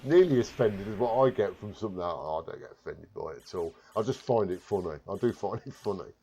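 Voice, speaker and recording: Quick-paced and animated, a man with a lowish, dark voice and a Warwickshire accent rambles on a live stream. He goes through viewer comments, makes fun of himself, and swears casually, while slight background noise sits underneath.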